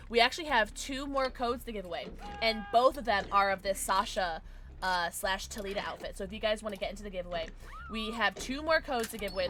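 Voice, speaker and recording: A woman streaming a video game live, chatting with her viewers, squealing greetings and swearing casually. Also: mid-range voice. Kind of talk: live gaming stream chat. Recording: noisy stream with steady background hiss.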